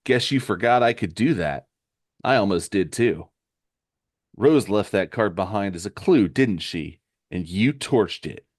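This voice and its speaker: A man's voice: on the low side, animated, a little slow, darkish tone, no room sound, clean studio sound. A man voicing a cocky young male fire-powered hero in a comic read-aloud, sarcastic and taunting. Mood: accusing.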